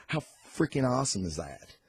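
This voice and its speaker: A man's voice: mid-range voice, breathy edge, no echo. Man, comic book reviewer, enthusiastic, rambling, casual swearing, dry sound. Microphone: recorded on camera.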